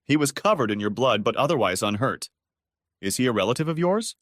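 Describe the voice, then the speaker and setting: A man voicing a male hospital doctor who speaks in a calm, informative way. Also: mid-range voice, a little fast, no echo, studio quality, close to an everyday voice.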